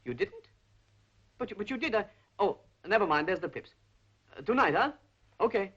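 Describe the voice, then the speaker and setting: A jittery crook. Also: male voice, sits high, sing-song, moderate pace, pushed and bright, breathy edge, exaggerated voice. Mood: nervous. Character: tense Italian crook on the run. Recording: dull old film soundtrack.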